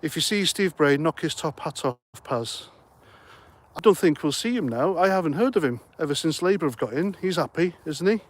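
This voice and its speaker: A man's voice: a little high, expressive, moderate pace. Chatty man livestreaming. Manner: chatty, rambling, jokey asides. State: slightly out of breath. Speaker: livestream host. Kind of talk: casual livestream chat reading comments.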